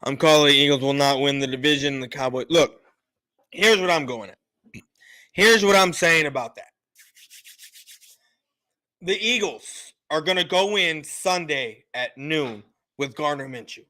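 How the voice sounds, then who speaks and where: Loud emphatic man, bright voice. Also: on the high side, a little slow, pauses often. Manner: loud, emphatic, repetitive insistence. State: been drinking a little. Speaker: sports podcast host. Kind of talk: heated sports opinion talk.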